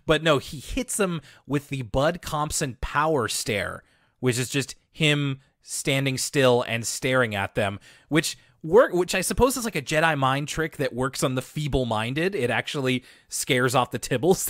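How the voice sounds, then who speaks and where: Male podcast co-host, mid-pitch, dry booth sound, relaxed wry recap. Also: no echo. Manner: laid-back and wry, with filler words. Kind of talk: casual episode recap.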